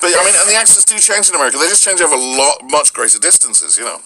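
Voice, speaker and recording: A male voice actor as a guest in a casual interview, explaining things in a relaxed way. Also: on the high side, rapid-fire, slightly rough, low-quality recording.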